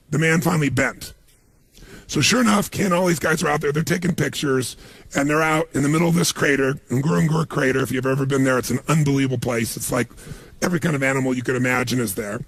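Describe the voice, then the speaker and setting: A man speaking as a motivational speaker at a live seminar, his voice gravelly and husky and pitched high for a man. He tells stories with animated energy and mimics the people in them. The sound is close and dry. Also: fast talker, no echo. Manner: animated storytelling, acting out other people's lines.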